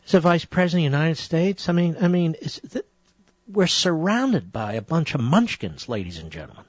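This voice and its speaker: On his political talk radio show, a middle-aged host argues combatively and frequently builds into indignant rants. He talks briskly in a sing-song, slightly high voice, and the broadcast sound is dry and a bit dull.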